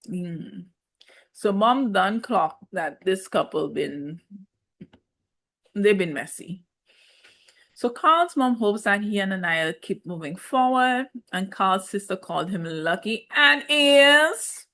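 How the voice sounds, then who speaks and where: A woman speaking in gives an opinionated recap of a dating show in a loose, chatty way. She teases the cast and drops playful asides, and her voice sits at an ordinary middle pitch for a woman. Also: animated, takes it slowly, a bit bright. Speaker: reality show recap host. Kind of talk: casual reality TV recap commentary.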